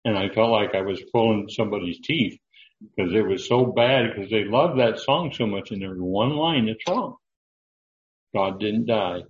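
An older man preaching a sermon, speaking in a slow, halting way with frequent fillers and restarts. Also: lowish voice, reverberant, dull audio. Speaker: pastor.

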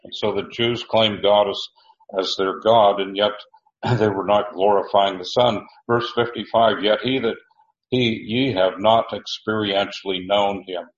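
Deep-voiced man teaching scripture, roomy lo-fi sound. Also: steady tone. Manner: halting, many fillers and restarts; reads verses aloud, then explains the Greek words. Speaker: Bible teacher. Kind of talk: unscripted Bible study teaching. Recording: roomy, dull lo-fi recording.

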